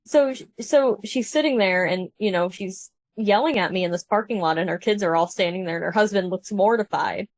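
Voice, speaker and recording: A woman's voice: medium pitch, a little fast, few pauses, no room sound. A woman telling a story in casual podcast chat, acting out the people she quotes. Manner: animated storyteller, acts out quoted voices.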